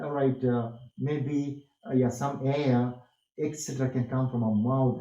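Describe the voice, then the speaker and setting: A man's voice: medium pitch, warm tone, muffled recording. A man teaching a workshop on communication skills, emphatic and repetitive, asking rhetorical questions. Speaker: workshop instructor. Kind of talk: online lecture on communication skills. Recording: echoey room.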